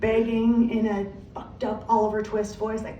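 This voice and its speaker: Recorded live in a comedy club, an American woman does brash stand-up, telling profane stories and acting out voices. Her fairly high voice comes slowly with long pauses, picked up by a distant mic in an echoey room with faint noise.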